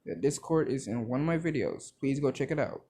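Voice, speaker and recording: A man's voice: mid-range voice, lively intonation, a little fast, mellow, breathy edge. A young man casually narrating a made-up fan story, rambling and full of fillers. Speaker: video creator.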